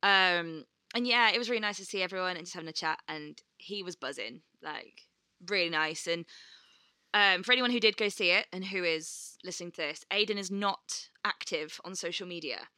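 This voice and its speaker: A woman's voice: fairly low pitch, moderate pace, pushed and bright, clear, resonant tone, no echo. A woman co-hosting a podcast, telling stories animatedly and swearing freely as she acts out quotes. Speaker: podcast co-host. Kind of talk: casual chat.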